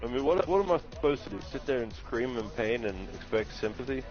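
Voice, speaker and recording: A man's voice: mid-range voice, animated, brisk. A man telling his own painful mishaps as jokes, laughing along in casual chat. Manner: laughs through his own painful stories, joking and self-mocking. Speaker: live stream chat participant. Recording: muffled lo-fi stream audio with faint music.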